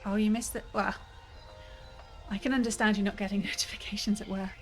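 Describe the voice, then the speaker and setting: With a steady, mid-range voice and a slightly fast pace, a woman chats with her viewers while streaming a cozy building game. She muses aloud and laughs often in this casual gameplay commentary, with game music in the background.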